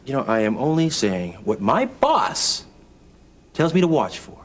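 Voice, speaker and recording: An actor playing a defensive, sarcastic new supervisor at a hospital in a TV drama. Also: male voice, medium pitch, wildly swooping pitch, a little slow, slight background noise. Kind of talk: daytime TV drama acting.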